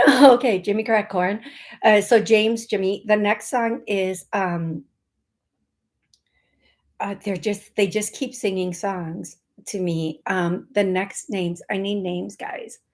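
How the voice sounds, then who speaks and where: A woman psychic medium hosts a live call-in show, speaking slowly at a middle pitch. She rambles in a playful way, laughs easily and spells names letter by letter. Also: fairly even intonation, a little mellow.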